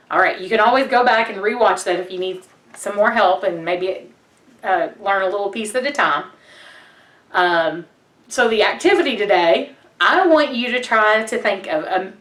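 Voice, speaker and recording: A woman's voice: medium pitch, expressive, a bit bright. A woman teaching a memory verse to children in a patient, encouraging way. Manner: encouraging, patient, speaks slowly when reciting. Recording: roomy sound from a distance.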